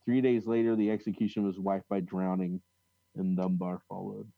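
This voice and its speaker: A low, creaky male voice with little pitch movement, recorded dry and sounding narrow and tinny. He co-hosts a casual podcast on religious history, reading old accounts aloud in a halting way, full of fillers and restarts.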